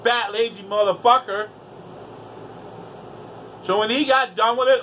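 High-voiced, foul-mouthed ranting man. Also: fairly even intonation, a little slow, bright, forceful tone, slight background noise, poor audio. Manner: heavily profane, exasperated. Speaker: vlogger. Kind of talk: casual storytelling rant.

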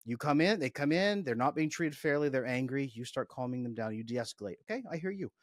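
A man's voice: medium pitch, fairly quick, no room sound, studio quality. A man coaching in a podcast discussion, explaining step by step in an emphatic, instructive way. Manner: emphatic, instructive, role-plays dialogue. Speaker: attachment coach.

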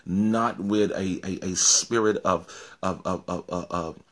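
A male pastor preaches in a low, husky voice. He often repeats words and restarts his sentences, then climbs to forceful, emphatic peaks. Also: steady tone, unhurried. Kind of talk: informal sermon.

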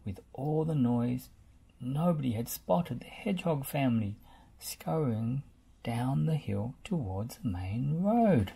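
A woman's voice: extremely low pitch, animated, slow, creaky, mellow, breathy edge. A woman reading a picture book aloud to a child, patiently answering questions between pages. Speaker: reader.

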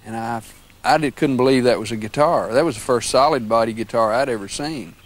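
A man's voice: medium pitch, fairly quick, heavy background noise. A man who played in a band, reminiscing in a documentary interview in a plain-spoken, admiring way. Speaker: musician recalling a bandmate.

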